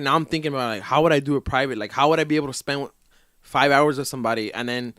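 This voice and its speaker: A man's voice: mid-range voice, quick pace, bright, forceful tone, no echo, clean studio sound. A man chatting casually as a podcast guest, rambling loosely with lots of fillers.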